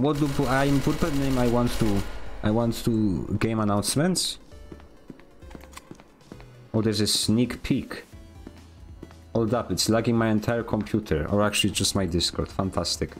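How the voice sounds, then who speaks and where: This man streams a video game and chats casually, tossing out playful, mock-dramatic complaints and outbursts. His voice is medium in pitch and a little slow, with faint music in the background.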